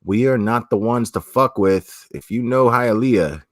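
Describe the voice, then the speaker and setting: A man's voice: mid-range voice, measured pace, no room sound, clean studio sound. A man from South Florida with a South Florida accent, chatting casually on a livestream and answering comments in a rambling, profane way with many restarts. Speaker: streamer.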